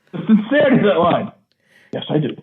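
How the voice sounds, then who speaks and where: A man co-hosting a casual film discussion podcast, animated and laughing often. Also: high voice, reverberant, slight background noise. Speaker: podcast co-host. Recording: tinny phone-like line.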